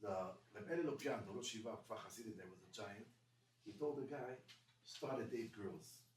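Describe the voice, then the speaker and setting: Fast-talking rabbi in an echoey room. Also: male voice, on the low side, a little hiss or hum. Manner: quick, animated, broken English. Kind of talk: storytelling talk to a congregation. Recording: echoey room, mic at a distance, faint ambience.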